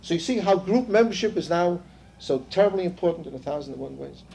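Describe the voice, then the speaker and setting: A man's voice: high voice, animated, quick pace, vocal fry, dark tone, slight background noise. An older man leading a seminar in a conversational lecture style. He tells stories, drops in asides and "you see", and quizzes the group. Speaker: seminar leader.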